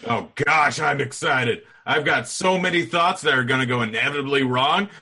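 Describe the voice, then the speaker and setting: A man's voice: mid-range voice, normal speed, sharp tone, breathy edge. A man co-hosting a casual sports podcast, easygoing and joking. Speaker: podcast co-host.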